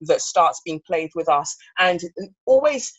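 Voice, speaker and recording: A reflective guest in their thirties, raised in England, talking in an interview. They speak earnestly at a middle pitch, restarting phrases as they search for the right words. The recording sounds a little dull and muffled. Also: animated, measured pace, fairly bright tone. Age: 30s.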